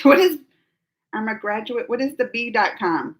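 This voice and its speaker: A woman hosts a relaxed livestream, reading comments and answering viewers by name. Her voice sits high and sounds bright and forward. A tickle in her throat keeps breaking in with coughs. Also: moderate pace. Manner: chatty, laughs often, talks to viewers by name. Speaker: livestream host.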